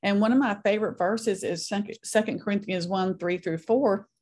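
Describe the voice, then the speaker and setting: A woman's voice: mid-range voice, normal speed, darkish tone. A middle-aged woman, a guest on a faith podcast, telling her story earnestly and acting out the voices she quotes.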